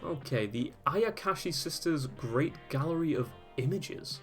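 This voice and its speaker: This man hosts a video where he reads old web pages aloud and chats about them with casual amusement, laughing and swearing often. His voice sits on the high side, with lively intonation and an unhurried, slightly bright delivery. Faint music plays in the background.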